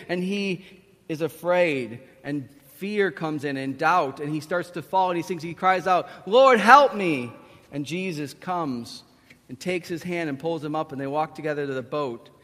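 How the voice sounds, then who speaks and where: A man preaching a storytelling sermon, animated, acting out the quotes he tells. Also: high-pitched. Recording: long hall reverb.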